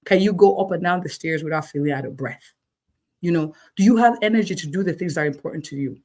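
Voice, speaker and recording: A woman's voice: fairly low pitch, fast, a little mellow. A woman physician answering interview questions, encouraging and checking in with listeners, often repeating words for emphasis. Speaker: physician guest.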